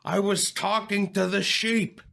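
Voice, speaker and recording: A man's voice: sits high, little pitch movement, measured pace, creaky, fairly bright tone, heavily acted. A man playing a boastful older male president who tells crude jokes in a rambling, repetitive way. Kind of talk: comedic impression in an audio play.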